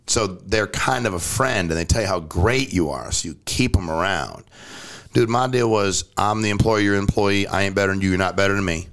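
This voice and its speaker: A man in casual conversation as a podcast guest, blunt and direct, telling stories and pushing his point hard. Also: brisk. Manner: blunt, animated, jumps pitch for emphasis. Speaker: company CEO, podcast guest. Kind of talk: casual storytelling chat.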